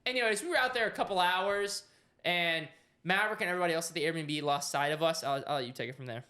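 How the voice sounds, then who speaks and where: Young guy with a high voice telling a story on a podcast, animated, laughs a lot. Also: quick pace. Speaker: podcast co-host. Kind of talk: casual storytelling.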